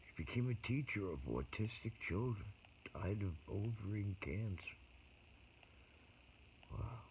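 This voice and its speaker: An older man with a very deep, gravelly voice tells personal stories in a rambling, emotional way. His pitch swings widely, and he sometimes trails off or sinks into a whisper. The sound is tinny and phone-like, with a faint hiss behind it. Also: animated, a little slow. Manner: emotional, trails off mid-sentence, drops to whispers. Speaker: performer. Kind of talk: rambling personal storytelling monologue.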